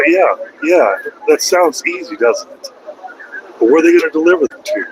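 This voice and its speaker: A man's voice: a little high, expressive, normal speed, long pauses, slight background noise, rough recording. A man who drives a truck, chatting casually and rambling from the road, with slangy talk that repeats itself and trails off. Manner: loose and conversational, slangy, repeats himself and trails off. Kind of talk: casual rambling vlog chat.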